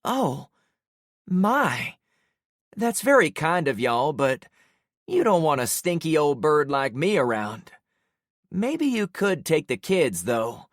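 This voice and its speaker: A man voicing a frail, resigned old woman in a wheelchair, speaking in a gentle, folksy drawl. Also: on the high side, very animated, slow pace, long pauses, dry recording, clean studio sound, voice pushed up, heavily acted. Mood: weary.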